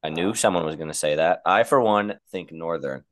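A man's voice: low voice, brisk, no echo, studio quality. A young man co-hosting a podcast with friends, chatting casually and laughing often. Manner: laughs often, loose and joking. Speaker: podcast co-host. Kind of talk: casual chat among friends.

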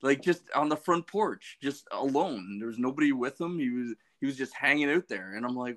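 A podcast co-host with a mid-pitched male voice. He tells anecdotes in an excitable way, with lots of swearing. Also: brisk, few pauses. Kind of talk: casual chat.

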